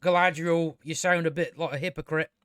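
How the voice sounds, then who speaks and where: A man with a notably high voice tears into a TV episode, sarcastic and exasperated, swearing as he goes. The sound is close and dry, with no room around it. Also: steady tone, a little fast, fairly bright tone, clear, resonant tone, no echo. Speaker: TV show reviewer. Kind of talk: casual ranting review.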